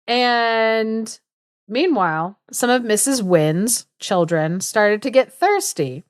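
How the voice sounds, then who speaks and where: A woman co-hosting a podcast, chatting casually as she retells a folk tale, animated and full of quick asides. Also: medium pitch, dry recording, studio quality. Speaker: podcast co-host.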